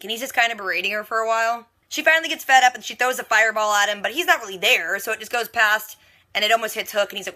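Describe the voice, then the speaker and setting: A woman vlogger giving a casual, animated recap of a TV episode with quick asides. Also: fairly high pitch. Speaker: reaction vlogger.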